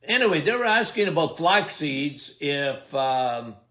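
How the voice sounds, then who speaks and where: Older guy doing a live health q&a, slow and chatty, pitch all over the place, keeps saying okay. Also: very animated, a bit bright. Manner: folksy, emphatic, repeats "okay?". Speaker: health show host answering viewer questions. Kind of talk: casual live Q&A.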